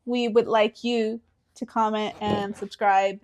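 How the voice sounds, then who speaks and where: A woman's voice: medium pitch, level tone, slow pace, darkish tone. A young woman co-hosting a podcast, speaking in casual chat with hesitant fillers. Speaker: podcast co-host.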